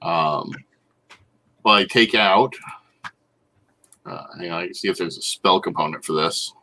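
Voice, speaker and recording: Low, bright-toned man playing a tabletop game. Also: measured pace. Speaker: player. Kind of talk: casual tabletop play.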